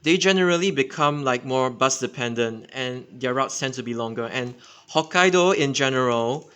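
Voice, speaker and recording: A man's voice: mid-range voice, normal speed, fairly bright tone, smooth. A man with a Singaporean English accent giving an unscripted, casual explainer, rambling with many fillers and self-corrections. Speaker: transit enthusiast channel host.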